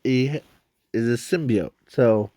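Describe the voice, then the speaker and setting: A man's voice: medium pitch, dark tone, dry recording. A man explaining his fan idea in a casual, rambling way, full of fillers and restarts, breathing hard. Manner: halting, many fillers and restarts. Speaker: fan video creator.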